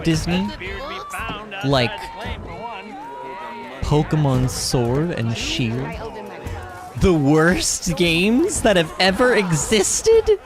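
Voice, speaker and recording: A man hosting a gaming livestream, chatting in a rambling, animated way, reading chat and laughing often. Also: a little high. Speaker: livestream host. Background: game music.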